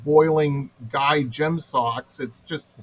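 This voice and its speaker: A Metro Detroit man hosts a radio interview, slipping into casual chat and spinning stories with sarcastic exaggeration like an animated storyteller. His voice sits a little high and moves slowly, and the audio quality is poor.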